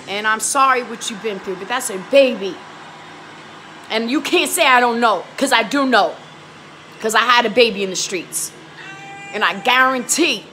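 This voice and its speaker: High, bright-voiced New woman vlogging. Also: a little hiss or hum. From New York. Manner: heated and pleading, swears, repeats herself. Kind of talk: emotional talk to camera.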